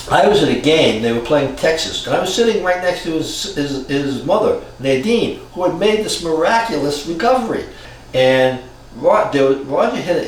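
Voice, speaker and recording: Older man, reflective storyteller, halting restarts, distant mic, very echoey room, faint hiss. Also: on the high side. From Cambridge, Massachusetts. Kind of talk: personal storytelling.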